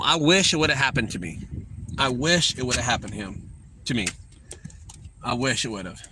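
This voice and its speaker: A man's voice: mid-range voice, pushed and bright, a little hiss or hum. A middle-aged man, a junk removal business owner, telling a story in a profane, heated vlog rant.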